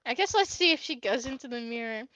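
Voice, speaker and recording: A woman's voice: fairly high pitch, expressive, quick pace, sharp tone, no echo, poor audio. A young woman narrating a tabletop game as game master, chatty with many fillers.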